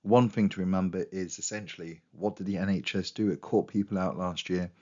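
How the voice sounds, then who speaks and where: A man's voice: sits low, fairly even intonation, fairly quick, darkish tone, lo-fi sound. A man giving a casual history revision lesson, chatty and full of restarts, and he is losing his voice. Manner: chatty, with quoted asides and restarts. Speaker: history teacher.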